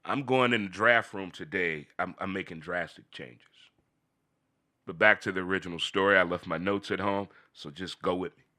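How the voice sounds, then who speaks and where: A man hosting a casual, unscripted midday talk show. He talks in an animated way, repeats phrases and talks to himself. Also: sits low, moderate pace.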